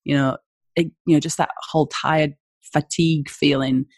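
A woman with a northeast English accent, a guest in a casual podcast interview, chatting in a lively way and jumping up in pitch when excited. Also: moderate pace, dry recording. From northeast England. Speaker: guest, small business owner.

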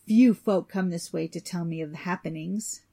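A woman's voice: normal speed, creaky, mellow. A woman reading a storybook, voicing a greedy, cunning old man who is a sorcerer and a father. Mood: hospitable. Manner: shrill, cries out.

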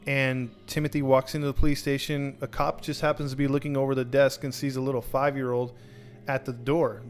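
Man, podcast host, casual true crime storytelling, rambling, restarts, middle pitch. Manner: rambling, with many restarts and acted-out quotes.

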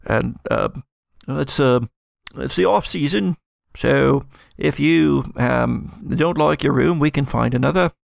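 A man voicing a helpful male hotel concierge in a fake British accent, full of halting fillers. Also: mid-range voice, vocal fry, no echo, clean studio sound, pitched above the performer's own voice. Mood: obliging. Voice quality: hesitant, filler-heavy.

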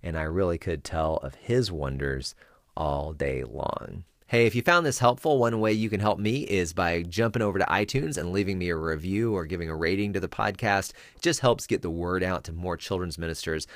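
Deep-voiced man, dramatic storyteller. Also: dry recording, clean studio sound. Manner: dramatic storytelling with pauses and sudden hushed whispers. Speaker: podcast host for children's ministers. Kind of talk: podcast teaching on Bible storytelling.

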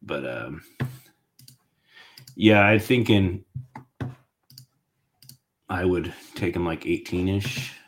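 A man hosting a podcast, rambling and thinking out loud in a casual sports chat. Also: deep voice, expressive, drawn-out words, long pauses, background noise. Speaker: podcast host.

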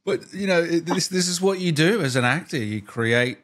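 Lively, enthusiastic male host. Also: a little high, normal speed. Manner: enthusiastic, effusive praise. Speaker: show host. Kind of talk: casual interview chat.

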